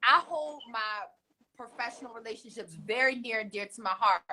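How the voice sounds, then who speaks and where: Bright-voiced woman recapping with gusto. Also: a little high, normal speed, a little hiss or hum, poor audio. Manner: animated, emphatic, often acts out quotes. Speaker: co-host. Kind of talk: casual recap chat.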